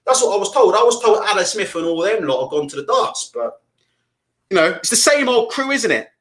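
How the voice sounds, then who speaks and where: Man, high voice, wildly swinging pitch, loud amped-up ranting, swearing, live stream host. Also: lively intonation, fairly quick. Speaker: boxing channel host. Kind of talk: live stream rant reading viewer comments.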